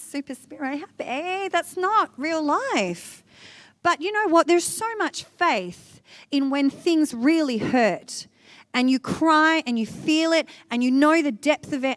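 A woman with a high, bright voice preaching a devotional message. She is animated and conversational, talking straight to her listeners. The sound is dry and close, with no room echo. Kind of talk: devotional teaching talk.

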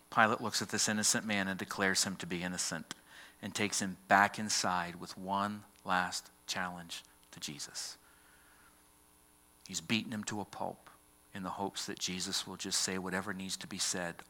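A man preaching a sermon as pastor in a church. He delivers it dramatically, swinging from loud declarations down to a hushed near-whisper. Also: on the low side, fairly even intonation, measured pace.

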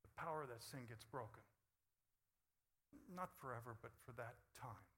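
A man preaching a sermon, moving between hushed, intimate passages and loud, emphatic bursts. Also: medium pitch, normal speed, big-room sound, a little hiss or hum. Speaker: pastor.

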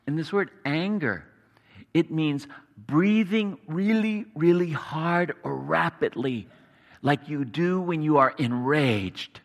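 A man preaching a sermon earnestly, sometimes dropping to a hushed tone. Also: fairly high pitch, lively intonation, takes it slowly, in a large hall. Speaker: pastor.

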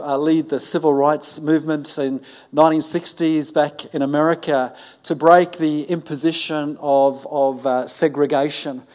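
A man's voice: fairly high pitch, darkish tone. A man preaching a sermon to a congregation, hesitant with frequent ums and restarts, breaking off for joking asides with the listeners. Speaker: pastor. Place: church service before a congregation.

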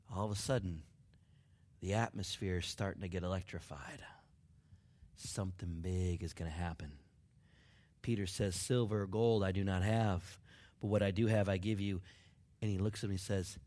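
A man preaching a sermon, dropping to near whispers and building up to excited shouts. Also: fairly low pitch, normal speed. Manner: dramatic swings from hushed to shouting. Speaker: pastor.

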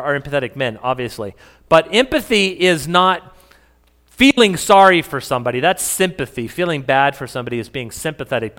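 Bright-voiced pastor in an echoey hall. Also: male voice, high-pitched. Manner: conversational, joking with the congregation. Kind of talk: sermon.

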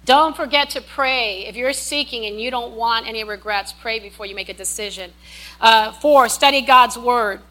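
Preaching a sermon, this woman has a high, ringing voice and a normal pace. Her delivery is emphatic, with key lines repeated for weight and animated asides woven in.

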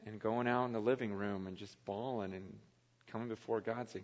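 A man preaching a sermon as a pastor, earnest and confessional, often dropping to a quiet, halting voice. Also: on the low side, fairly even intonation. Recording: long hall reverb.

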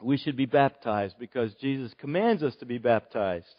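A man preaching a sermon at a baptism service, speaking earnestly with long pauses. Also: mid-range voice, big-room sound, highs cut off. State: choked up with emotion. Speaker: pastor.

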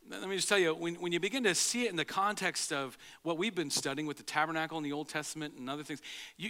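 Male pastor, high and bright voice, conversational sermon with frequent restarts, low slow emphasis on key words. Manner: conversational, halting with repeated restarts. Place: church sanctuary.

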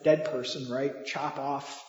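A man's voice: medium pitch, flat delivery, slow pace, a little mellow. A man preaching a sermon in a conversational way, asking the listeners rhetorical questions. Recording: echoey hall, dull lo-fi sound.

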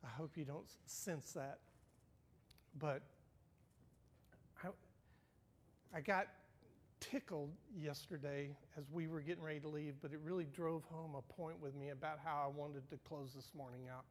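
An older man, a pastor, telling personal stories in a sermon, acting out dialogue and swinging from hushed asides to loud outbursts. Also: a little high, steady tone, moderate pace, long pauses.

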